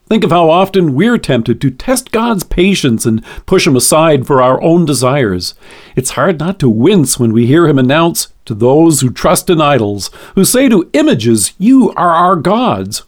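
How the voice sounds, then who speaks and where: A man reading a scripted devotional, quoting scripture in a measured, earnest way. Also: on the high side. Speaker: devotional speaker.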